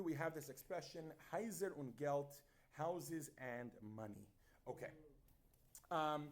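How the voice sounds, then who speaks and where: High-voiced man teaching a class. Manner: lively, quizzes the class and mixes in Yiddish phrases. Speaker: Yiddish teacher. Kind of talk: classroom lesson. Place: classroom with students.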